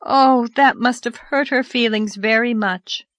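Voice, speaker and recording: A woman voicing an earnest, dreamy young girl in an audiobook, lively and reproachful. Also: on the high side, moderate pace, no room sound, voice pushed up, natural voice. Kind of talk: audiobook character voice.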